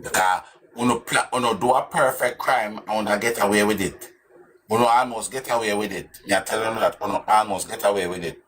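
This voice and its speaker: A man's voice: on the low side, a little fast, fairly bright tone, slight background noise. A man with a Jamaican accent giving casual commentary on an interview clip, scornful and mocking, full of rhetorical questions.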